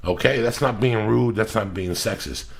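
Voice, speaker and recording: A man's voice: fairly low pitch, normal speed, creaky. A middle-aged man hosting a podcast, ranting in a casual, profane, emphatic way. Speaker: podcast host.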